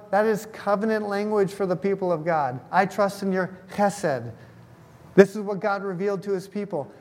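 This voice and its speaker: Pastor guy preaching, fairly high voice, chatty, asks the room questions, lots of hall echo. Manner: conversational, asks the congregation questions. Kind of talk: sermon. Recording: long hall reverb.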